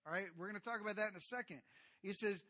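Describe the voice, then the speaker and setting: A pastor preaches a sermon in a high voice at a fast pace, speaking directly to his congregation. He swings between quiet asides and loud, animated retellings.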